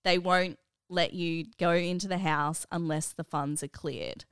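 Animated mum, smooth voice. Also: female voice, on the low side, measured pace, no room sound, studio quality. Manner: animated, exasperated, swears, laughs often. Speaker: podcast co-host and mother. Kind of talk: casual chat, storytelling.

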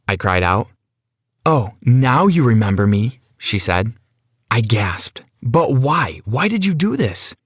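A man's voice: medium pitch, husky, no echo, studio quality. A young man narrating a first-person story in a dramatic, self-questioning way.

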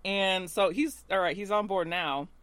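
Woman, casual podcast host, lively chatty recap, quick character voices. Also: medium pitch, dry recording. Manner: animated, laughing, acts out characters' lines in quick voices. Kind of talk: casual chat.

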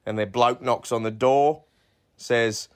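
A man's voice: mid-range voice, steady tone, slow pace, smooth. An Australian man leaving a jokey, crude voicemail, telling a childhood story. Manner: crude, jokey yarn-spinning. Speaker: caller.

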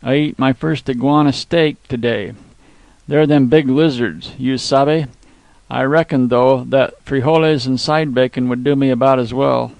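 Cool cocky young texas outlaw drawling slow, gravelly, man reading it out, dry sound. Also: mid-range voice, no echo. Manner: calm drawl with cowboy slang.

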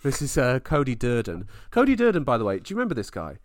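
A man co-hosting a casual fight podcast, excitable, laughing often and swearing freely. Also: mid-range voice, fast talker, no echo, clean studio sound. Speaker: podcast co-host.

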